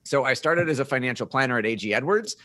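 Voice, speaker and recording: Man, middle-aged, podcast guest, bright forceful tone, dry close sound, upbeat and joking. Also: medium pitch, animated, no echo. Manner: upbeat, joking, brisk storyteller. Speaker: podcast guest, marketing firm founder. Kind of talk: casual interview storytelling.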